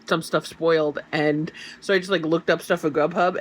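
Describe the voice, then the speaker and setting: A vlogger chatting casually on camera at home in a kitchen, excitable and full of fillers, sometimes eating while talking. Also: mid-range voice, normal speed, hardly any pauses. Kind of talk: casual chat and on-camera food tasting.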